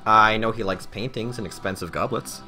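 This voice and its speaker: A man's voice: lowish voice, a little fast, pushed and bright, soft background music. Playful man doing game commentary. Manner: joking, playful asides. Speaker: let's play host. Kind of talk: casual gameplay commentary.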